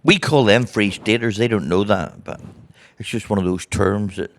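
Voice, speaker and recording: A man's voice: on the low side, normal speed, no room sound. A man with a Northern Irish accent, a guest comedian telling stories in a casual interview and acting out other people's voices. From Northern Ireland. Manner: animated storyteller who acts out other people's voices.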